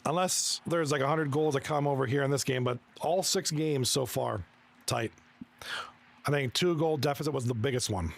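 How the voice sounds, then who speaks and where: A man giving live commentary on a video game hockey league, reacting excitably to plays and chatting with his viewers. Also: mid-range voice, gravelly. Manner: excitable, quick reactions to plays, chuckles often; chats with viewers between plays.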